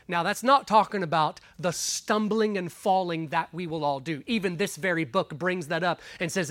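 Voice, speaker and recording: An earnest pastor delivers a sermon, reading scripture and steering listeners from one passage to the next. The voice sits at a middling pitch, pressing hard on key words and falling quiet for asides. The recording is dry and close, with no room sound. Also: no room sound. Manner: earnest, emphatic, shifts between loud stresses and quiet asides; guides listeners through Bible passages.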